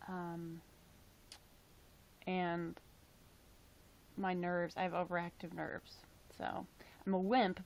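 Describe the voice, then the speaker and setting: A woman's voice: on the low side, a little mellow, slight background noise. A young woman casually chatting on a livestream, rambling with lots of fillers and self-deprecating asides. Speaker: livestream host.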